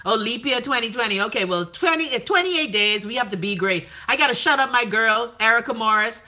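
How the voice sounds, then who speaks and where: A woman's voice: fairly high pitch, lively intonation, brisk, bright, forceful tone. A woman with a Bahamian accent, hosting a casual live stream, reading viewer comments and giving blunt, profane commentary.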